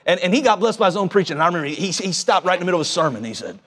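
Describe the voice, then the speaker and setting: A man delivers a sermon at a rapid clip, his voice pitched high. He talks in a folksy, excitable way, stumbling over and repeating his words. The sound carries a long hall reverb. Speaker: preacher.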